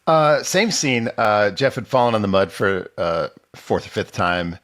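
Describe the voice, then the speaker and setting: A man's voice: on the low side, expressive, a little slow, a bit bright. Sardonic man with mock-solemn delivery. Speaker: podcast co-host. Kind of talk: comedic episode recap.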